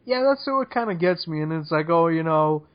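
Young man, exasperated and profane, highish voice, dull lo-fi recording. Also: animated, moderate pace. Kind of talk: casual chat. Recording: dull lo-fi sound.

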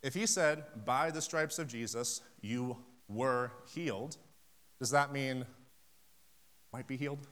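With a mid-range, fairly bright voice, this preacher talks a little slowly and pauses often, recounting ministry stories in a fervent sermon that climbs to emphatic highs. He reenacts phone conversations as part of the telling.

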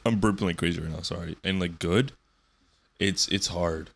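A man's voice: low voice, fairly even intonation, normal speed, vocal fry. A man in his twenties hosting a solo podcast, rambling loosely and swearing often. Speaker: podcast host.

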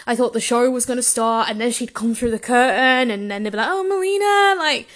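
A woman's voice: on the high side, fairly even intonation, fairly quick, fairly bright tone. A young woman tells a personal story in a gushing, emotional way and laughs often.

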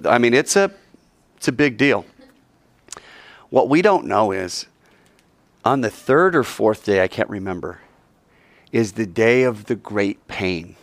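A male teacher telling a Bible story to a class in an animated, digressive way, acting out the characters. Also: lowish voice, dry recording.

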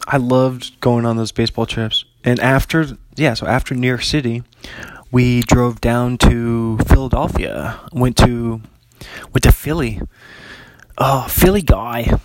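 A man's voice: medium pitch, fairly even intonation, measured pace, dry recording. A young man chatting casually as a podcast host, rambling with lots of fillers and frequent laughs. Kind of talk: casual chat.

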